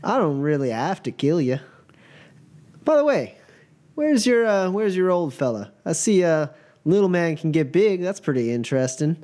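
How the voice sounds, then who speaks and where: A man's voice: a little high, sing-song, moderate pace, warm tone, pitched above the performer's own voice. A man voicing a menacing male outlaw in a tabletop game, with a folksy drawl and mock-friendly threats.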